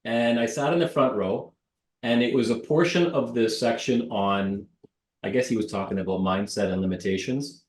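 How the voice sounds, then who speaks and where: A man in his thirties from Canada, a real estate broker telling blunt, lively stories in an interview and mimicking the people in them. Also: medium pitch, normal speed. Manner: blunt, animated, mimics voices in anecdotes. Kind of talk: interview storytelling. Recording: roomy echo.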